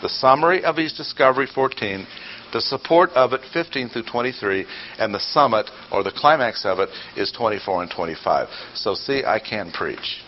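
A man's voice: medium pitch, expressive, a little fast. An older man preaches a teaching sermon in a mid-range voice. He peppers the talk with rhetorical questions, emphatic bursts and dry, sarcastic asides. The recording is muffled and lo-fi, with a faint hiss underneath. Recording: dull lo-fi audio with faint noise.

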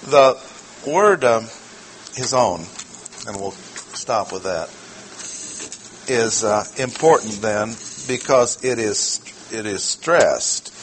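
A man's voice: lowish voice, lively intonation, fairly bright tone, slight background noise, poor audio. Emphatic man teaching a Bible verse. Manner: deliberate, emphatic, slows to stress key words; asks the audience questions. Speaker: preacher.

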